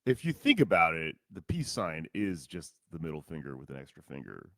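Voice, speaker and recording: A man co-hosting a podcast in casual comedic chat, joking in a sardonic, deadpan way. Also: extremely low pitch, fairly quick, no echo. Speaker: podcast co-host.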